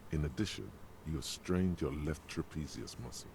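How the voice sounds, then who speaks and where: A man voicing the inner narrator of a detective's mind, measured, clinical and wry. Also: a bass voice, vocal fry, darkish tone, reverberant. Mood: narrating.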